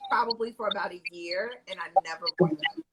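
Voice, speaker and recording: A woman's voice: medium pitch, quick pace, a crowd in the background. A woman from the United States, a guest on a casual live-stream chat, speaking modestly over a video call.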